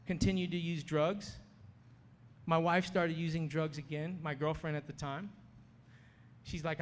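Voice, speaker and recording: A man giving an animated personal testimony, storytelling and acting out the voices of people he quotes. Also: a little high. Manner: storytelling, acts out quoted voices, laughs often. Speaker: speaker sharing his testimony. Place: conference hall. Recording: long hall reverb.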